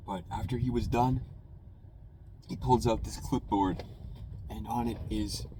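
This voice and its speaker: A man's voice: lowish voice, fairly even intonation, a little slow, warm tone, slight background noise, rough recording. A young man, a college student, telling a rambling story in a casual, conversational way while sitting in his car. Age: young adult. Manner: rambling, conversational, full of "you know" and "man". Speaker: food reviewer telling a story.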